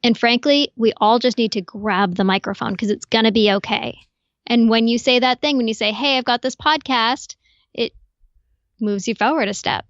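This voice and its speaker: A woman guest on a podcast, explaining calmly and clearly in an instructive way. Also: fairly high pitch, moderate pace, no room sound, muffled recording. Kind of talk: explanatory interview talk.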